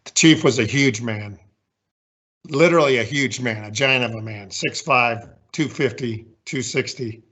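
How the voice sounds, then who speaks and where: Folksy older man, bright edgy voice. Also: medium pitch, a little slow, breathy edge. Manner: candid, folksy, self-deprecating. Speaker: guest speaker. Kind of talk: leadership talk with slides.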